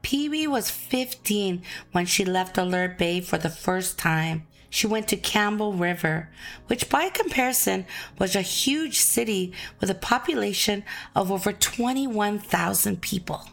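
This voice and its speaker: A woman hosts and narrates a documentary and chats casually with her guest. Her voice has a gravelly edge, and its pitch rises and falls a lot as she talks. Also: animated, unhurried, fairly bright tone. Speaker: host and narrator.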